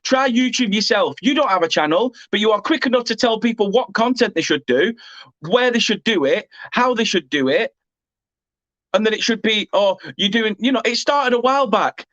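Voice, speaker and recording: Fan-channel host, English man, fed-up swearing rant, higher voice, muffled home recording. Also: expressive, moderate pace, fairly bright tone, no room sound. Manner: agitated, swearing, repeatedly apologising. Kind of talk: angry rant to camera.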